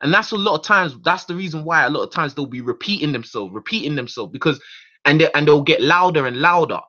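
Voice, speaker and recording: A man's voice: a little high, expressive, fast talker, bright, forceful tone. A man hosting his own radio show, ranting in a heated, profane monologue full of repeated words and restarts. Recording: dull lo-fi recording.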